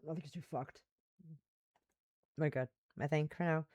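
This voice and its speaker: A woman's voice: low-pitched, fairly even intonation, normal speed, long pauses, darkish tone, dry recording, lo-fi sound. A woman streamer making casual, self-mocking, profane comments while playing a visual novel.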